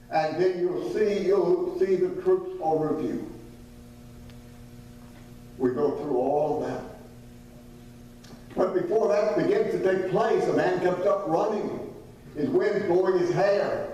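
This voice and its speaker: A man's voice: sits high, takes it slowly, pauses often, warm tone, lo-fi sound. A man with a Southern American accent, a visiting missionary preacher telling a folksy, humorous story in a sermon, acting out the voices of people he quotes. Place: church sanctuary. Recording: echoey church hall from far off, faint hum.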